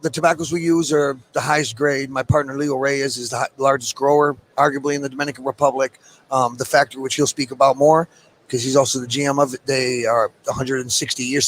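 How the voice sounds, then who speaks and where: A man's voice: medium pitch, fairly bright tone, poor audio. A middle-aged man talking earnestly and in a rambling way about his work in a casual interview. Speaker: cigar maker. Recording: faint background noise.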